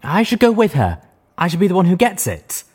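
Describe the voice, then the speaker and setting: A man's voice: fairly high pitch, very animated, moderate pace, voice pushed up. A man reading an audiobook, voicing a scrawny, nervous male unicorn who whines and frets. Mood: whiny. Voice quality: whiny, fretful. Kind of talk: audiobook character voice.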